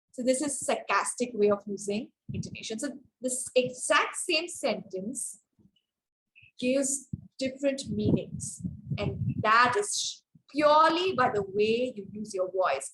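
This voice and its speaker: A woman trainer giving an online public speaking workshop over a video call, explaining clearly and shifting her tone and stress to model examples. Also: fairly high pitch, a bit bright, rough recording.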